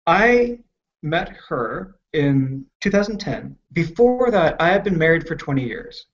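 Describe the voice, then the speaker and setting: A man with a fairly high voice tells a personal story in a frank, candid way, using plenty of profanity. He speaks haltingly and with emotion, and the muffled, lo-fi podcast recording dulls his voice. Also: big pitch swings. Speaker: podcast guest.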